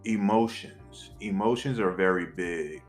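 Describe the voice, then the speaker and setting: Blunt, profane low-voiced man. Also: unhurried, faint music behind. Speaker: podcast co-host. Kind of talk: candid casual podcast chat.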